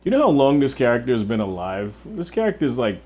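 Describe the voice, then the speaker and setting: A man's voice: medium pitch, very animated, quick pace, darkish tone. A young man livestreaming a video game, chatting casually and profanely while answering viewers. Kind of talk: casual gameplay chat.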